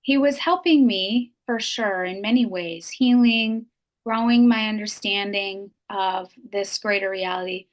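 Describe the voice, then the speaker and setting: A woman's voice: medium pitch, unhurried. A middle-aged woman, a podcast guest, telling an emotional personal story in an earnest, heartfelt way and repeating phrases for emphasis.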